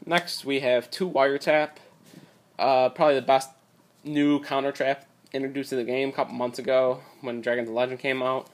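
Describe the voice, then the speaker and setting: A man's voice: medium pitch, steady tone, normal speed. A young man giving a casual card game deck rundown, rambling with lots of fillers, his voice a bit strained from talking a lot, recorded on a tablet. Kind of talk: casual deck profile talk.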